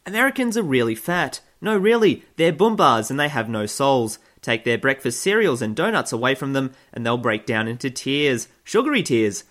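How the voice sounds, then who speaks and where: A man's voice: mid-range voice, fairly bright tone. A man hosting satirical news commentary, delivering figures straight and then cutting in with sarcastic, mock-cheerful jokes. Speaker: comedy news host.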